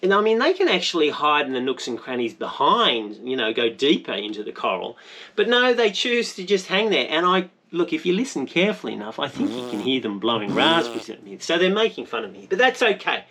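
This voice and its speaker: A man's voice: on the high side, big pitch swings, a little fast, sharp tone. An Australian man narrating his spearfishing vlog in a rambling, jokey, self-mocking way. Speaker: spearfishing vlogger.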